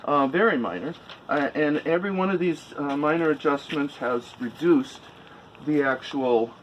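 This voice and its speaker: Halting, fairly high-voiced man talking figures. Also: a little hiss or hum, poor audio. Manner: halting, works through figures aloud. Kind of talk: casual on-site discussion.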